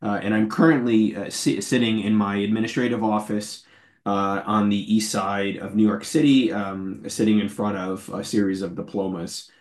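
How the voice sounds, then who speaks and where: A man's voice: on the low side, flat delivery, normal speed, a little mellow. Man in his forties, losing his voice. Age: 40s. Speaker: invited lecturer. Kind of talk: academic talk over a video call. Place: office. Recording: roomy echo.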